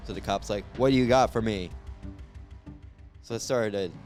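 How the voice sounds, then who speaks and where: A man's voice: lowish voice, moderate pace, a little mellow, faint music behind. A young man improvising a stand-up story, jumping between voices for each character. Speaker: stand-up comedian.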